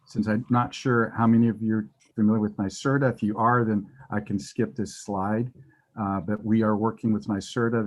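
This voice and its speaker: A man giving a facilities presentation to a committee over a remote call, explaining steadily with some fillers. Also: lowish voice. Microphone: remote call audio.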